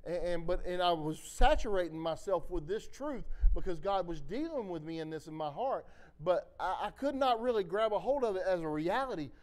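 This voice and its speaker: A preacher delivering an impassioned sermon, swinging between loud exhortation and quiet storytelling. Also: male voice, high voice, animated, normal speed. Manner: impassioned, rising and falling.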